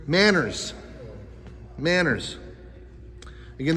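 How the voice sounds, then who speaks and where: A man's voice: on the high side, fairly bright tone. A man teaching a life skills class to youths, talking with energy and quizzing the kids with questions. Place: school gym. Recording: echoey gym hall.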